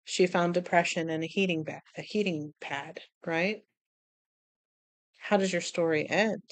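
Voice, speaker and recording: A woman vlogger chatting casually about writing, animated, laughing often and acting out little quotes. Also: fairly low pitch, a little slow, no room sound. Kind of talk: casual chat.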